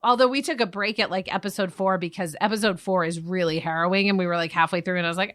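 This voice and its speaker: A woman's voice: lowish voice, fast, hardly any pauses, a bit bright, dry recording. A woman guest on a podcast, chatting casually with enthusiastic, profane asides, recorded on a studio mic. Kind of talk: casual chat.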